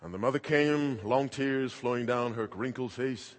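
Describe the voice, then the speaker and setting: A man's voice: medium pitch, moderate pace, long reverb tail. A man preaching a sermon in an emphatic, dramatic way, acting out quoted voices.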